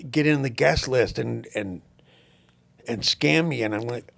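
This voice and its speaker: An older man, a podcast guest, telling long rambling stories with swearing and frequent throat-clearing. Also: mid-range voice, unhurried. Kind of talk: casual storytelling interview.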